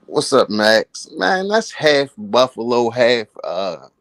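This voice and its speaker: A man's voice: medium pitch, sing-song, slow, a bit bright, dry recording. A man joining a live stream as a caller, playfully insisting in casual chat.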